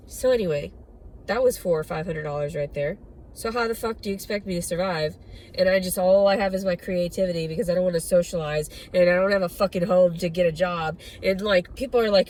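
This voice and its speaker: A woman's voice: fairly low pitch, a little fast, a little mellow, far from the mic, slight background noise. A woman venting in an angry, profane, bitter personal rant for her video diary. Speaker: vlogger.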